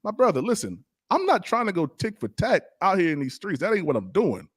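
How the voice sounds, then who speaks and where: A man's voice: high voice, huge pitch swings, brisk, husky, dry recording, studio quality. A man, a pastor defending himself in a casual debate, stammering and laughing things off. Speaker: pastor and podcast guest.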